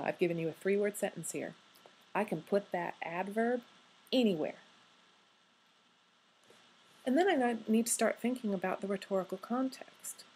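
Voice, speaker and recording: A woman lecturing on grammar in a relaxed, wry way, pausing to ask her students questions. Her voice sits at a middle pitch. A faint hiss and some room ambience run underneath. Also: rough recording. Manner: wry, conversational, asks rhetorical questions. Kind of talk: recorded lecture.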